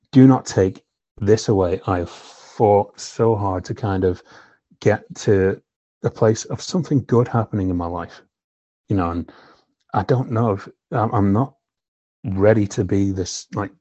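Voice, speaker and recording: Speaking at a moderate pace, this filmmaker guest has a lowish, dark-toned voice captured dry on a somewhat dull lo-fi recording. He tells his personal story frankly and with feeling, peppering it with swearing and "you know."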